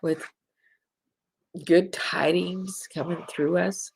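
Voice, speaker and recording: A woman's voice: lowish voice, fairly even intonation, takes it slowly, vocal fry, a little mellow, breathy edge. A middle-aged woman hosting a live spiritual talk show, speaking in an earnest, heartfelt way to her listeners.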